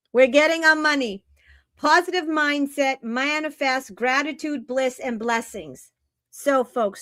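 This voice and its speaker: A woman with a Boston accent and a somewhat high voice talks to her viewers as a tarot reader. She is emphatic and exclamatory, with an upbeat, preaching tone. The sound is dry and close, with little room echo. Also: fairly bright tone, clear, resonant tone. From Boston area. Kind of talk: spiritual reading talk to viewers.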